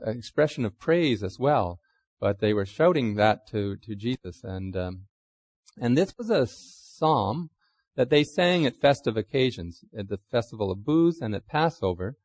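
A man's voice: mid-range voice, darkish tone, dry recording. A man preaches in a chatty, conversational way. He keeps asking his listeners questions and acts out quotes in small voices. The sound is dry and close. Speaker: pastor. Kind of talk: sermon.

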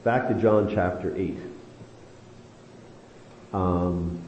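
A man teaching a Bible study, lively and animated, leaning on slow emphatic stretches. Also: deep voice. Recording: roomy, dull lo-fi sound with faint noise.

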